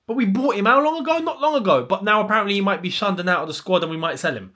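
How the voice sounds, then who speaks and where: A man's voice: high voice, animated, racing, hardly any pauses, bright, forceful tone. A young man, hosting a casual football chat and ranting with plenty of rhetorical questions. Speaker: football channel host.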